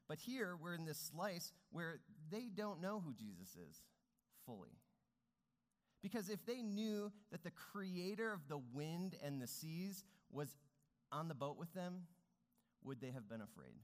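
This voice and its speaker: An earnest male pastor delivers a sermon with a lively, swooping pitch and a fairly high voice for a man. His words ring out with the long reverb of a large church hall. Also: a little slow. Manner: earnest, rising and falling emphasis.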